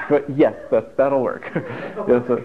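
Man teaching a workshop, tinny lo-fi recording. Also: mid-range voice. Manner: chatty and encouraging, with joking asides. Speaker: therapist leading a workshop. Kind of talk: live workshop talk to a group. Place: stuffy indoor room with an audience.

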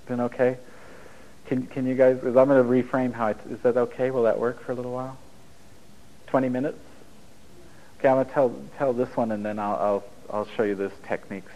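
A man's voice: mid-range voice, fairly even intonation, fairly quick, long pauses, warm tone, low-quality recording. A man giving a blunt, storytelling talk to a live audience, acting out dialogue as he goes, over a radio broadcast. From United States. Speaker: relationship speaker.

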